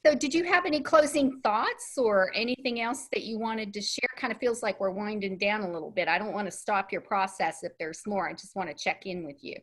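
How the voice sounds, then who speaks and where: A woman's voice: medium pitch, fairly quick, few pauses. A woman in her sixties hosting a podcast interview, chatty and laughing lightly between her points. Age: 60s. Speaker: podcast host. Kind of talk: casual conversational interview.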